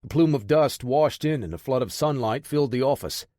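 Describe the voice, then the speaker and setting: A man reads a military action audiobook aloud in a steady, measured way. His pitch is medium, and the dry recording is studio quality. This is scripted narration.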